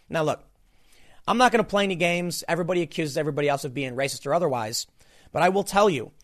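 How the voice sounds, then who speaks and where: Emphatic man doing political commentary. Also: a little high. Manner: emphatic, repetitive, rhetorical questions. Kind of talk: monologue commentary.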